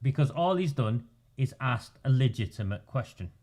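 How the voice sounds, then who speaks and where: A man's voice: medium pitch, lively intonation, moderate pace, darkish tone. A man, commenting indignantly over footage of a council meeting. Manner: indignant, repeatedly calling out names. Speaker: political commentator.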